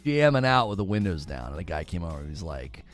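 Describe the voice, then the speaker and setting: A man in his forties chatting casually with viewers on a livestream, telling stories in an animated, laughing way. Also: low voice, quick pace, faint music behind. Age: 40s.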